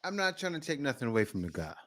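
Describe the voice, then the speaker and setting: A man's voice: medium pitch, sing-song, racing, noisy background. A man hosting a reaction video, giving blunt, opinionated casual commentary.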